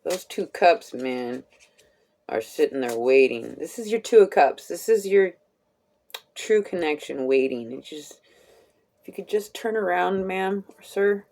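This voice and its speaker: A woman with a fairly low, animated, slightly mellow voice gives a casual live tarot reading. She's chatty, laughs often and swears casually, drawing her words out slowly.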